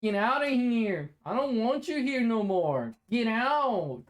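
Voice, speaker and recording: A native Norwegian speaker streaming games from a room at home, rambling and joking in casual chat, swearing now and then. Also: mid-range voice. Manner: animated, rambling, jokey, swears. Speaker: game streamer.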